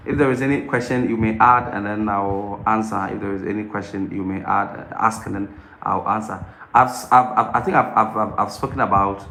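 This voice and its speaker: A man's voice: medium pitch, a bit bright, reverberant, a little hiss or hum. A man hosting his channel's live Q&A, chatting casually and animatedly, often repeating his phrases. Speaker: YouTube channel host answering viewers live. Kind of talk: casual livestream Q&A talk.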